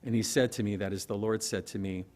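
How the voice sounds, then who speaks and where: A man's voice: on the low side, steady tone, quick pace, darkish tone. A man preaching a conversational, verse-by-verse sermon as pastor at a church service, often asking rhetorical questions. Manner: conversational, asks rhetorical questions, laughs lightly.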